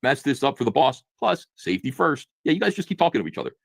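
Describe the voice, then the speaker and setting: A man's voice: mid-range voice, big pitch swings, fast, gravelly, no room sound, studio quality. A man co-hosting a casual comic review chat, sarcastic and mocking. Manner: sarcastic, mocking, reads comic lines in put-on voices. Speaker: podcast co-host.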